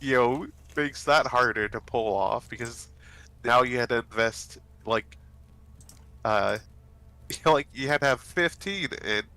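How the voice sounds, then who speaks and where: Casting: stuffed-up guy, bright tone, rambly casual gaming chat. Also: medium pitch, unhurried, clean tone, low-quality recording. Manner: rambling, many fillers and restarts. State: stuffy, congested nose. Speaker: let's play host.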